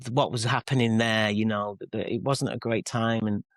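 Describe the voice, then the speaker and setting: A man's voice: fairly low pitch, steady tone, moderate pace, no room sound. Rambling Mancunian man, dry close sound. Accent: Mancunian English. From England. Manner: rambling, self-deprecating, with frequent restarts and acted-out quotes. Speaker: guest, pop singer and author. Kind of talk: candid storytelling interview.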